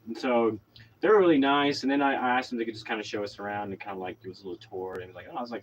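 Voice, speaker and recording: A man from Oklahoma tells a story in a loose, rambling way, full of fillers and false starts. His voice sits at an ordinary middle pitch, with a faint hum of noise behind it. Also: fast, rough recording. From Oklahoma, USA. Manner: rambling, many fillers and restarts. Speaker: vlogger. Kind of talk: casual storytelling monologue.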